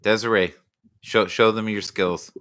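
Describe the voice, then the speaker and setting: A man's voice: on the low side, steady tone, measured pace, a bit bright. A man hosting a casual live stream, joking and rambling playfully with his guests.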